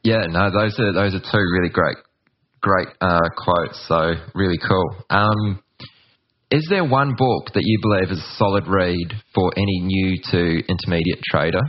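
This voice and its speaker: Deep-voiced male podcast host. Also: measured pace, highs cut off, slight background noise. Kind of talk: interview questions.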